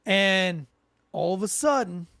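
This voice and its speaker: A man in his thirties, a former police officer, co-hosting a casual podcast and telling an animated, swearing story. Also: sits high, slow, creaky, dry recording. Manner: animated, swearing, acts out the people in his stories.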